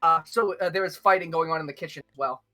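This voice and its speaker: A man's voice: fairly high pitch, fast talker, sharp tone, shouting. A man narrating as game master of a tabletop game, casual and full of fillers.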